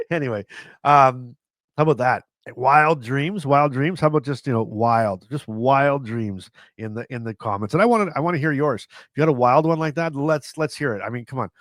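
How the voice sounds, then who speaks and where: A man's voice: mid-range voice, normal speed, a bit bright, no room sound. Chatty laughing man, dry close sound. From Canada. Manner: chatty, self-mocking, laughs often, repeats and restarts. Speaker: vlogger. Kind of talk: casual storytelling to camera.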